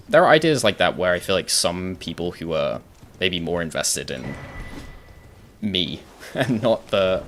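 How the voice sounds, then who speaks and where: Deep, gravelly young British man. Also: fairly bright tone, a little hiss or hum. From Britain. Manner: rambling, thinks aloud, answers chat, swears casually. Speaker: streamer. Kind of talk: casual live-stream chat while gaming.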